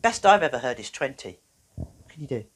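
In an educational video, a woman with a husky voice explains feelings to children at a brisk, bouncy pace, her pitch climbing and dipping all over. Playful and encouraging like a class presenter, she acts out little voices.

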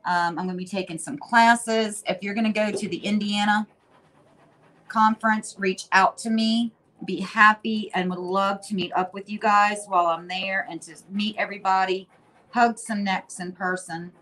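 A woman's voice: medium pitch, fairly even intonation, moderate pace, a bit bright. Chatty woman hosting a craft livestream. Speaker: host of a furniture painting livestream. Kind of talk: casual livestream chat, reading viewer comments.

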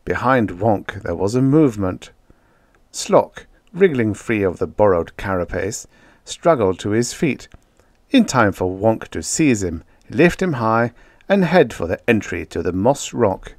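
A man's voice: fairly low pitch, very animated, measured pace, dry recording, studio quality. A man reading a science fiction short story aloud as an audiobook narrator. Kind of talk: scripted narration.

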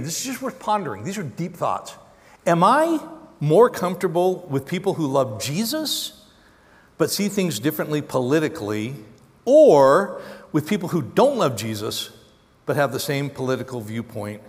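A man preaching a sermon as a pastor, animated, acting out quotes with sudden jumps in pitch. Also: gravelly. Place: large church auditorium. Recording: long hall reverb.

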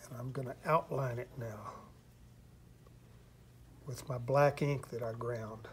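A man's voice: medium pitch, fairly even intonation, slow pace, a little hiss or hum. Older Texan man, easygoing chat. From Texas. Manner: rambling, self-deprecating, restarts often. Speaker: interviewed artist. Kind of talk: casual interview chat.

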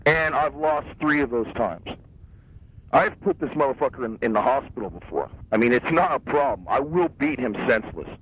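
A young man with a husky, medium-pitched voice rants during a casual phone-style conversation, talking at normal speed with plenty of expression. He's agitated and boastful, swearing constantly, and the audio sounds like a muffled lo-fi cassette tape.

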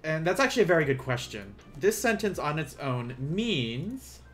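Higher-voiced man teaching slowly. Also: big pitch swings, fairly bright tone, soft background music. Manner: patient, explains and repeats slowly for learners. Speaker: language teacher. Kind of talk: live online lesson.

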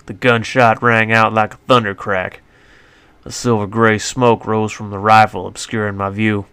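A man's voice: on the low side, flat delivery, normal speed, bright, forceful tone, clean tone, dry recording. Folksy man narrating a western story. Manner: folksy, colloquial first-person telling.

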